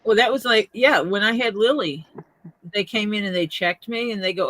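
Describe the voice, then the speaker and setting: An older woman in a casual chat, telling lively stories. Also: mid-range voice, normal speed, no room sound. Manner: lively, chatty storyteller.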